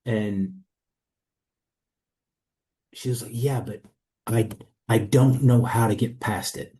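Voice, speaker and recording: A man's voice: fairly low pitch, slow, warm tone. A man in a testimonial interview, earnestly and reflectively telling his own story as a coaching client.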